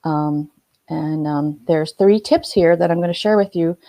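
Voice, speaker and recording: A woman on a casual live stream giving business tips to viewers, halting often with ums and restarts while glancing at notes. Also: deep voice, warm tone, no room sound. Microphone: phone or webcam, looking at notes.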